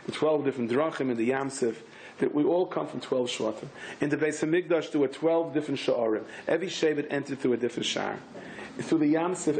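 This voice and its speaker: A man, a rabbi, giving a lively Torah class in English mixed with Hebrew and Yiddish words, with sudden high, emphatic bursts. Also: slight background noise.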